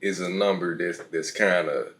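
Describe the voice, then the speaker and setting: A man's voice: sits low, moderate pace, a bit bright. A man co-hosting a podcast in casual chat, laid-back, with joking asides.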